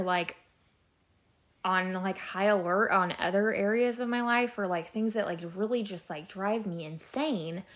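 A young adult woman talks through her week on her own podcast, rambling and candid. She fills her sentences with "like" and "you know", swears now and then, and sounds at an ordinary middle pitch for a woman. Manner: rambling, filler-heavy, candid and expressive, swears casually. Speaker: podcast host, labor and delivery nurse. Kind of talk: casual solo podcast chat.

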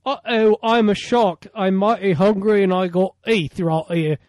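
A man doing a loud hungry shark. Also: high-pitched, steady tone, unhurried, no room sound, studio quality, pitched above the performer's own voice. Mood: menacing. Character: hungry boastful male shark, loud and gruff.

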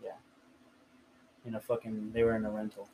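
A man's voice: lowish voice, completely flat delivery, brisk, mellow, rough recording. A young man from the Riverside area, telling a story in a casual, profane podcast chat full of filler words. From Riverside area, California. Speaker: podcast host.

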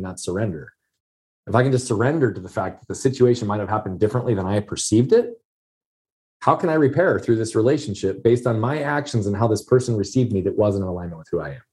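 A man's voice: lowish voice, expressive, fairly quick, a little mellow. A man telling a personal story in a conversation, earnest and emphatic, repeating key phrases for weight.

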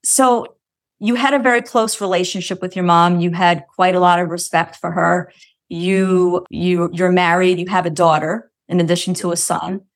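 Woman, podcast host, lower voice, careful searching questions, casual interview. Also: steady tone, moderate pace. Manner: thoughtful, hesitant, many restarts and "like".

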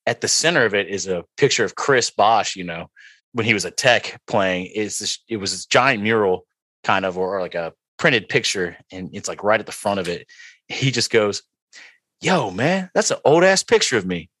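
This podcast co-host is a young man with a fairly low voice and a moderate pace, recorded dry, recounting a lengthy self-deprecating tale on a laid-back sports podcast. He rambles, uses lots of fillers, and turns animated when quoting.

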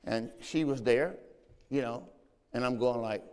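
Preaching pastor in a reverberant hall. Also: male voice, medium pitch, measured pace, darkish tone, clear, resonant tone. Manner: preaching with call-and-response asides; reads scripture aloud in a raised voice. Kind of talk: sermon. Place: church.

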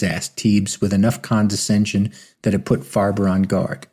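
Gravelly, low-voiced male audiobook narrator. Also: level tone, moderate pace, few pauses, a little mellow. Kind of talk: scripted narration.

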